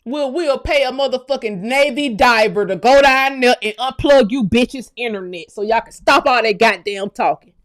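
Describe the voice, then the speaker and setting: A woman from the United States hosting her own channel, delivering a profane, heated commentary rant that swings from low muttering to shouting. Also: normal speed. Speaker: channel host. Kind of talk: ranting commentary vlog.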